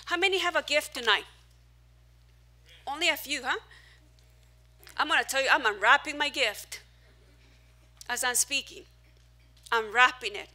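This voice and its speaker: A woman pastor preaching to a small evening congregation with a high, bright voice. She talks in an animated, self-mocking way, jumping from loud outbursts to hushed asides. Her sound is sharp and forward. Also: a little slow, pauses often. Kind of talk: sermon. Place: church hall, preaching to a small crowd.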